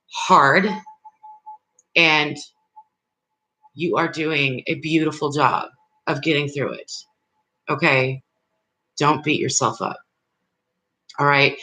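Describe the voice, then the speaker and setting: A woman's voice: deep voice, sharp tone, rough recording. A woman giving live tarot readings, speaking directly and reassuringly to her viewers in a loose, rambling way. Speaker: tarot reader.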